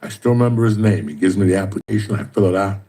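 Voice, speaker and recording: A man's voice: on the low side, quick pace, dark tone. A middle-aged man, telling profane, streetwise stories in casual chat. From New Jersey. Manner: streetwise, swears constantly, tells stories with mimicked dialogue.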